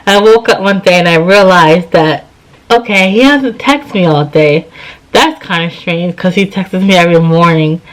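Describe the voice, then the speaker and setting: Yawning and worn out, a vlogger in her thirties shares a personal story on camera at normal speed in a fairly low voice. She's chatty, acting out old conversations line by line for both people, and the recording quality is low.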